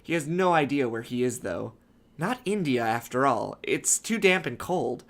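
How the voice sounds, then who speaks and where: A man's voice: medium pitch, expressive, normal speed, gravelly, a bit bright. A man hosting a casual comedic fanfiction reading, chatting and joking as he reads aloud with asides.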